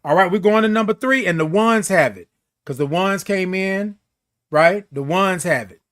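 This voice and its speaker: A man's voice: high-pitched, moderate pace, a bit bright. A middle-aged man hosting a morning live show, giving an emphatic, preachy pep talk that repeats key phrases and reads viewer comments.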